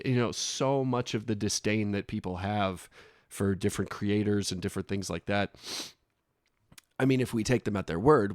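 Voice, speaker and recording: A man in his thirties hosting a casual reaction video, talking haltingly with frequent restarts and laughs between thoughts. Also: lowish voice, no echo, clean studio sound. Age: 30s.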